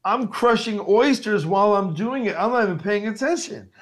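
A man's voice: high-pitched, normal speed. A man who hosts TV food shows, telling stories in a casual interview. He swears freely and acts out the other people in his stories. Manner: animated, swearing, acts out voices. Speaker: TV food show host, interview guest.

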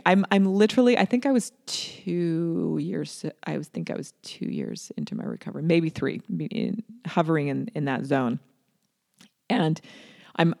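A woman candidly telling a personal story, with restarts and lively acted-out quotes. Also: low voice, gravelly.

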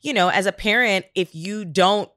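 A woman's voice: medium pitch, moderate pace, a bit bright, no room sound, studio quality. A woman co-hosting a podcast, chatting casually in a frank, joking way with slang. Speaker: podcast co-host. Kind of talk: casual chat.

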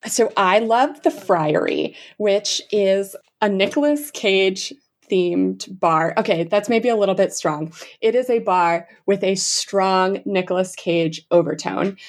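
A young adult woman chatting as an enthusiastic travel guest, full of fillers and quick asides. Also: mid-range voice. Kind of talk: casual interview chat.

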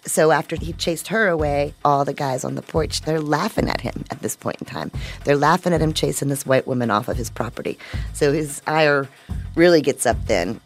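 Low-voiced woman narrating a radio story. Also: soft background music. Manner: conversational, measured narration. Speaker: reporter narrating.

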